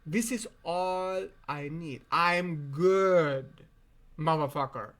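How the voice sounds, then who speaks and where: A self-help video host, a man who isn't a native English speaker, delivers an emphatic, profane monologue straight to the camera. His voice is on the high side and fairly bright, and he speaks very slowly.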